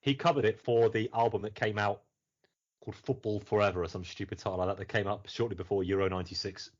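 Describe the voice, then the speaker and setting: A man with a low, slightly husky voice hosts a podcast in loose, rambling chat. His pitch swings widely as he laughs and swears his way through. The audio is muffled and lo-fi. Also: fairly even intonation, quick pace. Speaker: podcast host. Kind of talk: casual chat.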